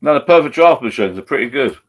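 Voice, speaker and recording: Talking fast in an expressive, mid-range voice, a man with an Essex accent runs a home live stream by his laptop. It's rambling, blokey video-call banter.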